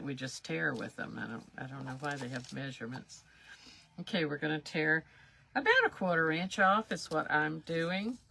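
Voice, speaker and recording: Low gravelly woman, slow and chatty. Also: sharp tone, a little hiss or hum. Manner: chatty, rambling, self-deprecating. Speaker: craft livestream host. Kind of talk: casual live craft demonstration.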